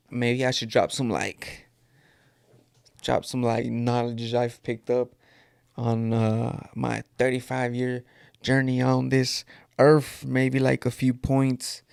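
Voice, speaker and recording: A man's voice: mid-range voice, little pitch movement, slow pace, vocal fry, a little mellow, clear, resonant tone, dry recording, studio quality. A man in his thirties with a California Mexican-American Spanglish accent, hosting a podcast in rambling, joking casual chat. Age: 30s. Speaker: podcast host. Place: at home. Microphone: camera.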